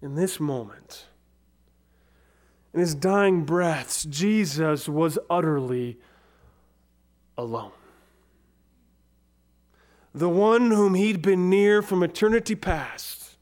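Slow, dramatic male preacher. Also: a little high, a little mellow. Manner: slow, dramatic, dropping to a near whisper on key words. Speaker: pastor. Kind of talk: sermon.

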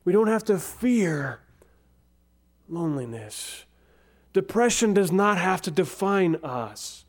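A man preaching a sermon, slow and dramatic, his voice dropping to a near whisper on key words. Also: high-pitched, big pitch swings. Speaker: pastor.

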